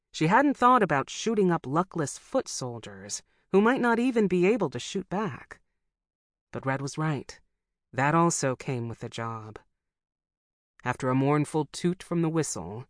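A narrator reads a novel aloud in a steady, measured way at a middle pitch. The recording is close and dry, with no room sound. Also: no room sound. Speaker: audiobook narrator.

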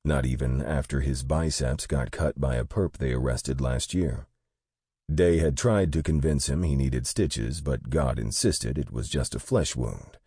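A man narrating an audiobook in a steady, matter-of-fact way. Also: very deep voice, unhurried, breathy edge, no room sound, studio quality.

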